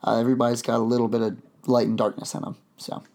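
A man's voice: medium pitch, flat delivery, rapid-fire, a little mellow. A man hosting a podcast, chatting casually and rambling with lots of fillers and restarts. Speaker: podcast host.

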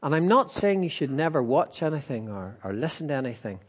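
Male pastor, slightly high voice, emphatic, chatty sermon delivery. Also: big pitch swings, a little fast. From Northern Ireland. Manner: conversational, emphatic preaching with asides.

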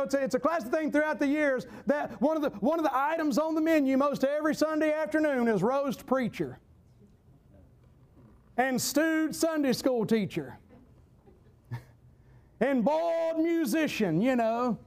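A Southern US preacher with an unusually high voice for a man. He delivers his sermon in a folksy, emphatic way, hammering key phrases again and again and rising into shouts. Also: moderate pace.

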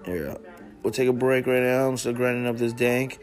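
A man's voice: mid-range voice, little pitch movement, normal speed, soft background music. Laid-back slangy man chatting. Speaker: podcast host. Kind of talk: casual chat.

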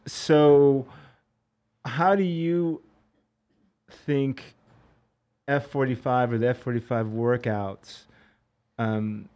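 A man hosting an interview, asking slow, halting questions with many fillers. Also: mid-range voice, steady tone, a little mellow. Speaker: interview host. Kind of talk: casual interview.

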